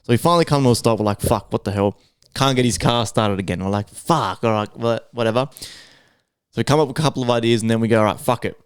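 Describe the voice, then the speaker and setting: Smooth-voiced Australian man telling a story. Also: medium pitch, quick pace, no room sound, clean studio sound. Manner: profane, rambling anecdote full of acted-out quotes. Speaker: podcast co-host. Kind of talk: casual storytelling chat.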